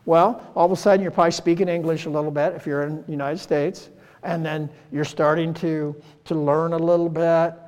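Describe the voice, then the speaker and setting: A man's voice: a little high, little pitch movement, fairly quick, a little mellow. A man in his sixties preaching a conversational sermon, folksy and full of rhetorical questions. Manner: folksy, rhetorical, peppered with "right?" and "you know". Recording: long church-hall reverb.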